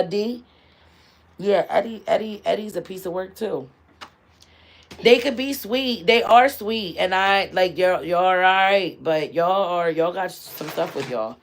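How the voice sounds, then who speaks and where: A woman comedian hosting a casual livestream, talking in an animated, loud and teasing way, full of slang. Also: mid-range voice, slow.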